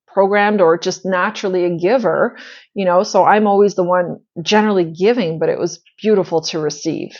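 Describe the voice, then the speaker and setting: A woman's voice: mid-range voice, darkish tone. Earnest rambling woman, slightly muffled. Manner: earnest, rambling with many fillers and restarts. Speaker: spiritual channel host. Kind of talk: casual storytelling monologue.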